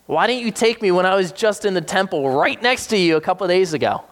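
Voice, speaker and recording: A man preaching a sermon, retelling scripture with animated acted-out voices for the people in the story. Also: fast. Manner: animated, acts out quoted characters with sudden high-pitched voices. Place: South Jersey church.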